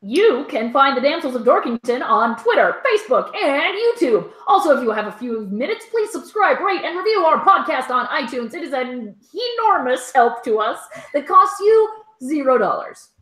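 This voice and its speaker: A playful woman co-host chats casually and swears offhandedly. Her voice is very high, bright and sharp. The sound is echoey, as if the room is hard-walled. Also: big pitch swings, normal speed, few pauses. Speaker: podcast co-host. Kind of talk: casual chat.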